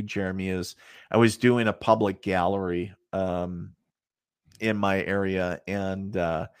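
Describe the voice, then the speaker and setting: Low-voiced middle-aged man telling stories. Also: no echo, clean studio sound. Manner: rambling, full of fillers and asides, laughs at his own stories. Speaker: psychic medium guest. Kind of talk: casual storytelling in an interview.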